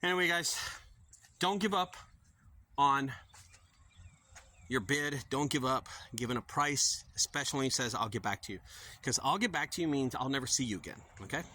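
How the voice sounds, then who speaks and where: A man's voice: medium pitch, expressive, normal speed, long pauses, pushed and bright, poor audio. A middle-aged man who owns a junk removal business, speaking casually to camera outdoors and acting out both sides of a sales conversation. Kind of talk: casual talking-to-camera vlog.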